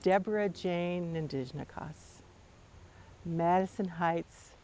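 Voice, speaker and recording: An older woman telling a family story to her grandchildren in a measured, tender way. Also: fairly low pitch, mellow, a little hiss or hum.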